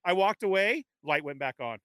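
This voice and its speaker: An energetic male host greets his live chat with rambling, upbeat shout-outs. His voice is bright and forceful, a touch high, recorded dry and close at a home webcam setup. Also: normal speed, no echo. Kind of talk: live-stream casual chat.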